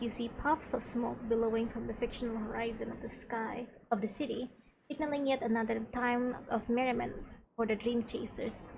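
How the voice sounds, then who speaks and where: A woman's voice: fairly high pitch, gravelly, background noise. A woman streaming a video game, reading its dialogue aloud and chatting casually as she plays. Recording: game music playing behind.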